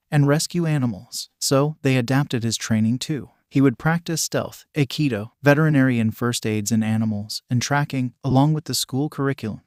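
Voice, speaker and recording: A man narrating a fan story in a plain, even reading voice. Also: medium pitch, no room sound, studio quality.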